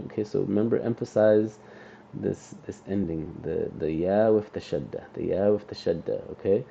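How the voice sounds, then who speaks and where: A man's voice: low-pitched, normal speed, gravelly, dull audio, slight background noise. A man teaching an Arabic class, explaining step by step and checking in with "okay?" after each point. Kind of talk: classroom language lesson.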